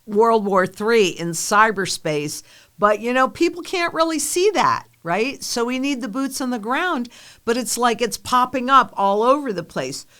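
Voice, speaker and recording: A woman's voice: on the high side, animated, measured pace, fairly bright tone. A woman in her fifties hosting an interview, asking questions conversationally and agreeing with her guest. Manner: conversational, agreeable, short affirmations. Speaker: interview host.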